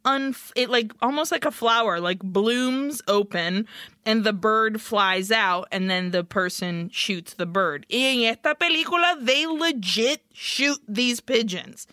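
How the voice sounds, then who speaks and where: A woman's voice: fairly high pitch, measured pace, bright, forceful tone, dry recording, clean studio sound. A woman co-hosting a podcast in casual chat, talkative, slipping into Spanish and swearing casually. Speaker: podcast co-host.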